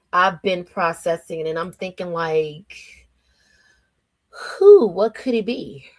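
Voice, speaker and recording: A woman from New Jersey with a New Jersey accent, hosting a casual morning livestream in a chatty, slangy way, laughing often and reading her chat aloud. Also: mid-range voice. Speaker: livestream host.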